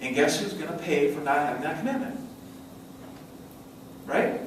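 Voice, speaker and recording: A middle-aged man giving a motivational stage talk with a joke story, an energetic storyteller who slips into high acted voices, recorded from a distance in a large conference hall. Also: moderate pace, a little hiss or hum. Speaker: event speaker. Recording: echoey hall, distant mic.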